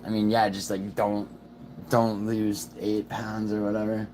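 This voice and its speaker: A man who is sick, with a raspy voice, chatting casually on a livestream in a rambling, profane way. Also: lowish voice, monotone, a little slow, darkish tone, slight background noise, poor audio. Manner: rambling, profane, restarts often. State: sick, rough voice. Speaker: livestream host.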